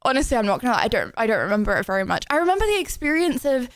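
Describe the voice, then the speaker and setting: A woman's voice: a little high, very animated, very fast. A young woman streaming, chatting casually with lots of giggles and rambling fillers. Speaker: livestreamer.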